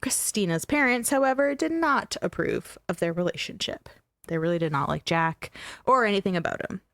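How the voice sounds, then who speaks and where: A woman's voice: mid-range voice, animated, moderate pace, creaky, fairly bright tone, dry recording. Woman host, chatty and emphatic, telling true crime on a dry close mic. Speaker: podcast host. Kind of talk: casual true-crime storytelling.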